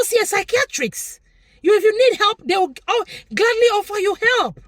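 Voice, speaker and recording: A Nigerian woman delivers a preachy commentary monologue to her viewers. Her high voice leaps up and down with lively emphasis, and she repeats lines to drive points home. The sound is close and dry. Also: moderate pace, no echo. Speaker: vlogger commentator.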